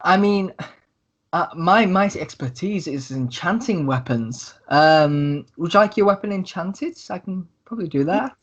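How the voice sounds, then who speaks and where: A woman's voice: lowish voice, lively intonation, measured pace, voice pushed up. A man voicing a chatty, friendly human witch of about forty who calls people love, on a dull lo-fi recording.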